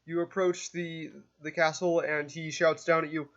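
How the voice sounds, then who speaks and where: A man narrating a tabletop game as game master, pausing and restarting with fillers as he describes the scene. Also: a little high, level tone, a bit bright, lo-fi sound. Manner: hesitant, halting narration with fillers.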